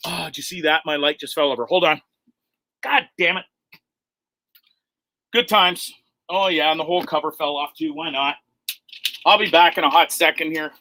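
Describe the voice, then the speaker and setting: A man with a high, bright, sharp voice hosts a loose livestream chat from inside a bus. He rambles, curses freely and keeps laughing at himself. The sound is dry and close, with no room echo. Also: normal speed. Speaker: livestream host.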